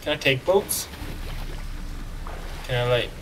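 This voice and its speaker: A man giving casual, excitable commentary while playing a video game, joking and talking back to the game. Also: mid-range voice, slow, recorded from a distance, background noise. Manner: excitable, jokey, talks to the game. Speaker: let's play gamer.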